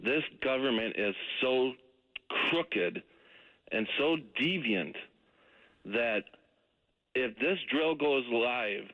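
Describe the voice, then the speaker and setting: A man's voice: medium pitch, lively intonation, slow pace, pauses often. A man in his forties from Wisconsin, calling in to a radio show and ranting with angry passion. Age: 40s. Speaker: caller. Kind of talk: call-in radio talk. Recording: muffled phone-in line.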